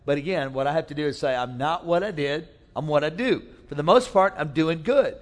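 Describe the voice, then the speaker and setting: A man's voice: a little high, fairly quick, big-room sound. A man preaching a sermon, telling a funny personal story and acting out voices for laughs. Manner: storytelling with humor, acts out voices. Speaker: pastor.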